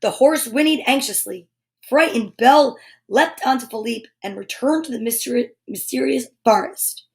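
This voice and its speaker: A woman reading a children's storybook aloud, animated, with gasps and asides to her listeners. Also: fairly high pitch, normal speed, creaky.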